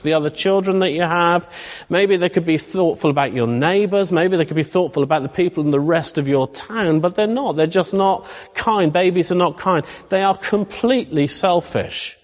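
A man with a somewhat high voice delivers a humorous, conversational sermon and keeps asking the congregation questions. His voice carries a long hall reverb, and the sound is a little dull. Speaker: pastor.

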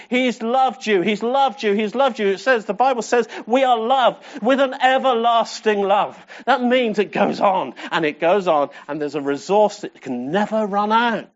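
A man's voice: sits high, muffled recording. A man preaching a sermon with passion, repeating phrases and asking the congregation questions. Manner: impassioned, rhetorical questions and repetition.

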